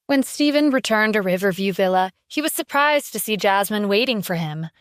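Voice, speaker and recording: A woman narrating a scripted audio drama with steady storytelling. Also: mid-range voice, moderate pace, hardly any pauses, smooth, no room sound, studio quality.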